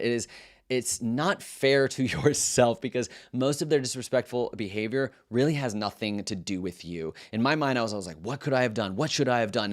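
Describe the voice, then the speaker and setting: Earnest, low-voiced male teacher. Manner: earnest and reflective, loose with many restarts. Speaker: middle school teacher. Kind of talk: casual storytelling to camera.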